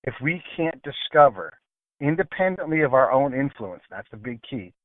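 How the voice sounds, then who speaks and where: A man's voice: medium pitch, sing-song, moderate pace, no echo. A man with a military background, speaking as a radio talk show guest in an emphatic way and repeating words for stress. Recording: phone line.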